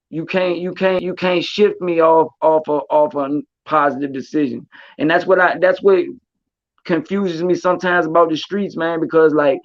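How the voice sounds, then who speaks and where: A man's voice: fairly high pitch, dry recording. A man telling his story in casual talk, streetwise and full of repeated words and fillers. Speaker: podcast host. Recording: dull lo-fi recording.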